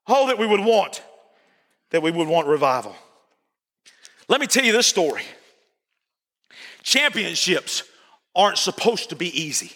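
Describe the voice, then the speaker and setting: A middle-aged man preaches with a very high, bright and forceful voice, driving his points home over and over and sometimes shouting. His words ring out with a long reverb, as if from a large church hall. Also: sing-song, unhurried, long pauses. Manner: emphatic and repetitive, sometimes shouting. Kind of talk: sermon.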